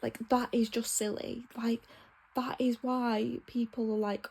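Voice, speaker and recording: A young woman talks straight to the camera in a loose, ranting vlog style, frank and quick to swear. Her voice sits a touch high and has a breathy, husky edge. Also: darkish tone. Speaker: book vlogger. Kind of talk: casual vlog chat.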